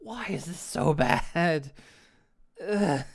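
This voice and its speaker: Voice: medium pitch, lively intonation, very slow, slightly rough. A streamer giving live gameplay commentary, ranting with exasperation, swearing often and laughing between complaints.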